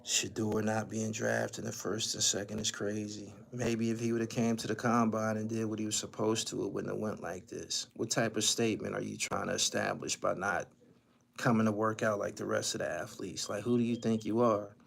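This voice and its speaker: Gravelly man ranting on a stream. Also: on the low side, little pitch movement, moderate pace. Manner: profane, ranting, repeats lines for emphasis. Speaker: channel host. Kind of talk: livestream commentary.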